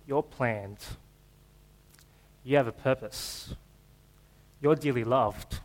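A man's voice: medium pitch, slow pace, long pauses, rough recording. A man preaching a sermon in a church, in a casual, joking, conversational way. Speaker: pastor.

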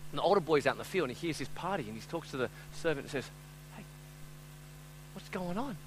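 A man preaching a sermon as pastor, telling a story conversationally with "right?" and "I'm telling you", acting out voices and swinging from loud to hushed. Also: fairly high pitch, animated, racing, a little hiss or hum, rough recording.

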